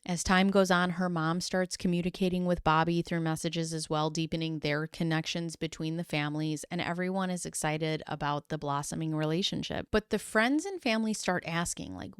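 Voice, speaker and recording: A woman's voice: deep voice, moderate pace, hardly any pauses, clear, resonant tone, no room sound, clean studio sound. A woman recapping a true-crime story in a casual, chatty way, with dramatic flair and playful asides. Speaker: YouTube commentator.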